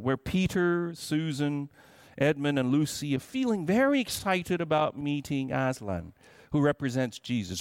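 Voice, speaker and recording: Pastor preaching, earnest and emphatic, somewhat high voice, dry recording. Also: male voice, clear, resonant tone, no echo. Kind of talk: sermon.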